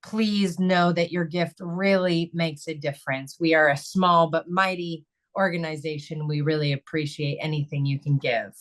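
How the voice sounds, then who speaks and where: A woman with a somewhat low voice hosts an online webinar over a video call. She talks in an upbeat, conversational way as she goes through closing announcements and a donation appeal. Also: steady tone, normal speed, few pauses. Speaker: webinar host.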